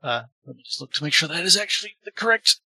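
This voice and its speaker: A man playing a tabletop role-playing game, telling his character's story in character with many restarts and halting fillers. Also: on the high side, expressive, sharp tone, husky, no room sound.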